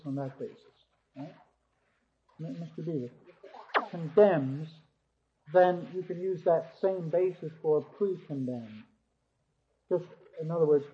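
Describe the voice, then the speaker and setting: Man lecturing on theology, lo-fi. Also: a little high. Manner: reads scripture aloud, then explains point by point. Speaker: theology teacher. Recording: muffled lo-fi recording.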